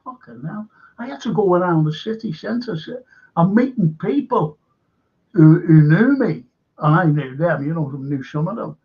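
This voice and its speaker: A man's voice: on the high side, animated, normal speed. A man hosting a livestream, telling a long rambling anecdote and swearing freely. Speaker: livestream show host. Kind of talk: rambling casual storytelling. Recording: dull lo-fi stream audio.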